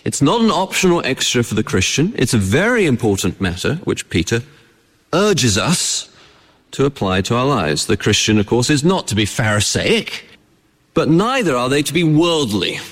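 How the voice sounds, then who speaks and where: A man's voice: medium pitch, sing-song, normal speed, fairly bright tone, long reverb tail. A man preaching a sermon to his congregation. He keeps the tone conversational and often puts rhetorical questions to his listeners. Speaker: pastor. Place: church.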